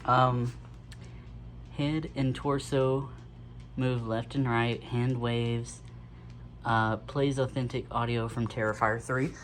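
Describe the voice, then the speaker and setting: A man's voice: mid-range voice, little pitch movement, slow, pauses often, a little hiss or hum. A man casually talking through an unboxing at home, a bit out of breath, rambling with lots of fillers and little chuckles. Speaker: vlogger.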